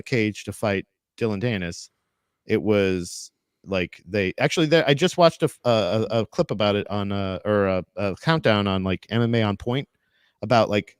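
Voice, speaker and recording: A man co-hosting a casual podcast chat, rambling with many restarts and quick asides. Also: lowish voice, clean tone, no echo, clean studio sound. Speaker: podcast co-host.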